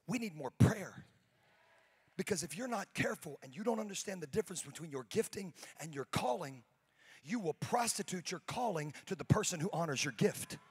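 A man preaching a sermon as pastor to his congregation, moving from quiet talk to loud, building preaching. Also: high voice, breathy edge. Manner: talks with members of the audience on stage. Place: church stage before a congregation.

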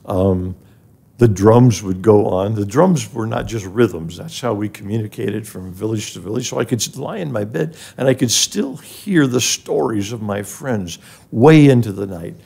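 A man's voice: lowish voice, normal speed, vocal fry, warm tone, breathy edge. An older man, a guest on a podcast, telling his life story in an earnest, emotional way that rises when he is moved. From grew up in an African village. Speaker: guest, charity president emeritus. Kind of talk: personal storytelling in a podcast interview.

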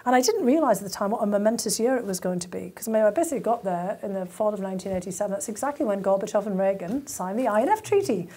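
A woman in her fifties from England, telling animated stories as an interview guest, laughing often and using many fillers. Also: medium pitch, racing, hardly any pauses, slightly rough. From County Durham, northern England. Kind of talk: conversational interview storytelling.

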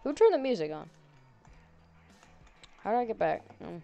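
A woman's voice: mid-range voice, sing-song, normal speed, gravelly, dark tone, lo-fi sound, faint music behind. A woman playing a horror game and commenting on it, sarcastic and jokey, chatting to the characters on screen. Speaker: gaming channel host.

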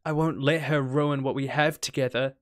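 A woman with a light New Zealand accent voicing an obsessive, possessive young village woman, reading game dialogue in a soft, low, dramatic way. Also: fairly even intonation, normal speed, over music. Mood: ominous devotion.

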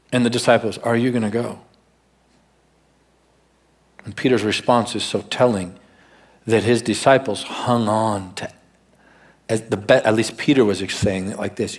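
A man preaching a sermon as pastor at a church service, telling the story and slowing down to stress key words. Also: lowish voice, breathy edge.

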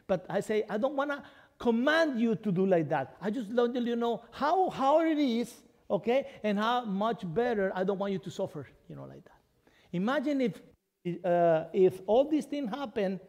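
A man preaching a sermon to his congregation, halting and repeating words, checking in often with "okay?". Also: high voice, darkish tone. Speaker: pastor. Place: church sanctuary. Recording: long church hall reverb.

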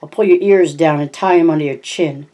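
A woman's voice: low-pitched, a little fast, warm tone, natural voice. A woman voicing a mocking boy thug. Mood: taunting. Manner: mocking, snarling. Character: teenage boy bully sidekick, cruel and mocking.

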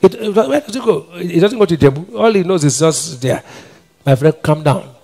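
A middle-aged man with a Nigerian accent preaching a sermon, swinging between quiet asides and emphatic, shouted decrees. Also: on the high side, animated, moderate pace, husky. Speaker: pastor.

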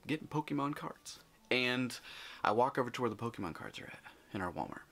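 A man vlogging, telling a story in an animated, chatty way and acting out the people in it. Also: medium pitch. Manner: animated, chatty, acts out quotes. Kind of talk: casual storytelling.

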